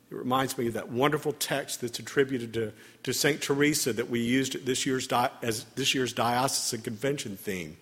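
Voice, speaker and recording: A man with a husky, slightly breathy voice delivers a Sunday sermon, speaking to his congregation in a relaxed, conversational way with touches of humor. His words ring out with a long church reverb. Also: mid-range voice. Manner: conversational, gently humorous preaching. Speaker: priest. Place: church sanctuary.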